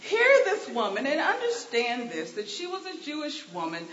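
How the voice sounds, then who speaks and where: A woman preacher delivering a sermon, swinging between hushed lines and emphatic ones. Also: sits high, wildly swooping pitch, moderate pace. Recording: echoey, dull sound with faint hiss.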